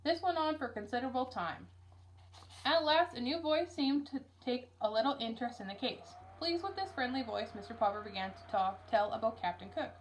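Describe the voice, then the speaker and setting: A woman teacher reading a children's book aloud, expressive and shifting her voice for each character. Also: fairly high pitch, fairly quick, slight background noise, poor audio. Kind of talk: read-aloud storybook narration with character voices.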